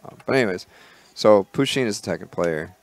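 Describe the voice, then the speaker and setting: A man co-hosting a podcast in casual chat, relaxed and rambling, with many fillers and restarts. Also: on the low side, a little fast. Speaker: podcast co-host.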